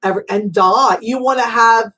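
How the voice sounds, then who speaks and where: High-voiced emphatic woman hosting readings. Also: normal speed, slightly rough. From Italian-American background. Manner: warm, emphatic, motherly, calls guests honey and sweetie. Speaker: psychic reader and show host. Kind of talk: live call-in spiritual reading show.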